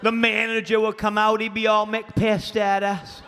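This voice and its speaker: Male stand-up with a Maine accent, loud and crude, live room with faint crowd noise. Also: sits high, monotone, a little slow. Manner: loud, crude storytelling with acted-out voices. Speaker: stand-up comedian. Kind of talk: stand-up comedy routine. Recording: live club recording with long reverb and faint ambience.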